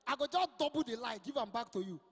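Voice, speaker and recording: A young Nigerian man with a Port Harcourt Pidgin accent, doing loud, punchy live stand-up as an event MC and mixing English with Pidgin. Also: very high voice, animated, fast, husky, in a large hall. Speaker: comedian and MC. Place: outdoor sports event over a PA.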